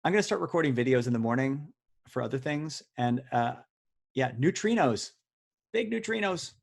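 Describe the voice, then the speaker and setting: A man's voice: mid-range voice, lively intonation, moderate pace, creaky. Joking man hosting a quiz. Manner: joking, teasing, chatty. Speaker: quiz host. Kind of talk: hosting a live online word quiz. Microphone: video call audio.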